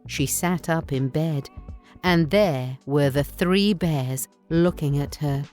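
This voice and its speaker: A woman narrating a bedtime story in a slow, gentle, expressive reading. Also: low voice, faint music behind.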